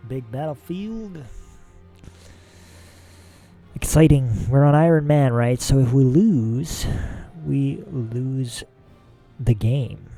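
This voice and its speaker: A man with a dark, gravelly voice talks through a strategy game battle in casual let's play commentary. He muses out loud as he weighs each move. Faint game music plays under his voice. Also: mid-range voice, takes it slowly. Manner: musing, thinks aloud about tactics.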